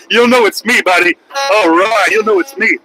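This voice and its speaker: A man's voice: sits high, measured pace, sharp tone, poor audio. A man, a truck driver, ranting on a casual livestream from his cab while driving, crude and taunting. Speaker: truck driver streaming live.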